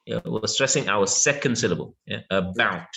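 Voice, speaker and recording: A man giving an online English lesson in an everyday mid-range voice. He talks patiently, drawing words out and filling the pauses with yeah and okay while he checks that his students follow. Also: medium pitch, lively intonation, a bit bright. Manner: patient, repeats words slowly with many yeahs and okays. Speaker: English teacher.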